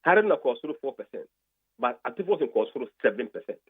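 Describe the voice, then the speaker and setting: Ghanaian guy on a radio call-in, husky voice, tinny phone sound, going through poll numbers one by one. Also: mid-range voice, sing-song, fast. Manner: methodical, reading out a long list of figures. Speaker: radio talk show guest presenting poll results. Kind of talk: radio talk, switching between English and Twi.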